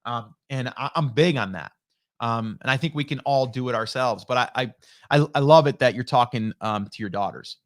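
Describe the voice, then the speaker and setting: A man's voice: mid-range voice, moderate pace. A middle-aged man hosting a casual live stream, chatting in a rambling, upbeat way and greeting viewers by name. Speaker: live stream host reading chat. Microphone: broadcast dynamic studio mic.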